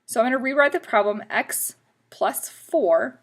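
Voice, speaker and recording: A woman's voice: on the high side, a little slow. A woman math teacher explaining equations step by step in a patient, instructive way. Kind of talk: classroom math lesson video.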